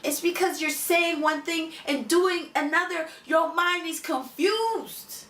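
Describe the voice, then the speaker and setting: A high, animated woman coaching one listener with emphatic, repetitive lines. Her voice is bright and sits back from the mic. The room around her is echoey. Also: recorded from a distance. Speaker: motivational speaker. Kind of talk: motivational address to one listener.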